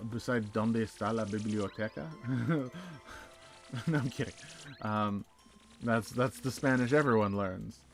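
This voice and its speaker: A man with an ordinary mid-range voice talks loosely to his viewers while he plays, wandering from one topic to the next and answering their messages as they come in. Soft music plays faintly behind him. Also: mid-range voice. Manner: rambling, chatty, answers chat messages aloud. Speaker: live streamer. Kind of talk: casual chat while gaming.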